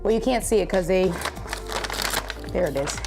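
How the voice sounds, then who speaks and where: A woman's voice: on the low side, lively intonation, moderate pace, over music. A woman live streaming, chatting casually to her viewers and reading their comments. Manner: chatty, talks straight to viewers and reads chat. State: out of breath.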